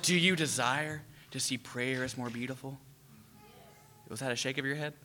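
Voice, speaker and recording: Animated preacher with a bright voice. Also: male voice, medium pitch, normal speed. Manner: animated, acts out quoted voices, asks the audience questions. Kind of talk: sermon.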